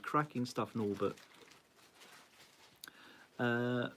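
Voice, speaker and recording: A man's voice: medium pitch, unhurried, long pauses, a bit bright. A man hosting a casual live-stream rundown of a cycling club's leaderboard, cheery and chatty, greeting viewers by name and laughing at his own slips. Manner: flustered, self-mocking. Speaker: cycling club host.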